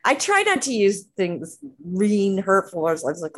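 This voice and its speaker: A woman's voice: mid-range voice, very animated, a little slow. A woman hosting a casual chat, rambling with many fillers and frequent laughs. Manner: rambling, full of "you know" and "like" fillers, laughing often.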